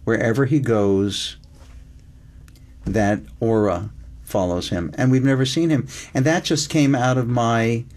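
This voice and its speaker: An older man speaking as a guest in a relaxed interview. His voice sits at an ordinary middle pitch, and he talks reflectively, slowing down and lingering on words to stress them. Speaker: screenwriter guest. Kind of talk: casual interview chat.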